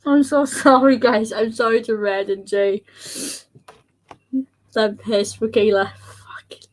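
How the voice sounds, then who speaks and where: A woman's voice: a little high, little pitch movement, slow. A young woman chatting casually to camera, rambling, giggling and swearing a lot. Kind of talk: casual vlog chat to camera.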